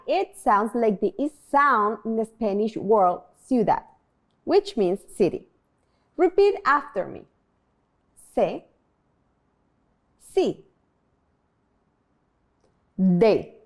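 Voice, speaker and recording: A woman teaching a beginner language lesson, slowly modeling sounds and asking learners to repeat after her. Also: medium pitch, sing-song. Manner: slow, clear modeling of pronunciation, prompting repetition.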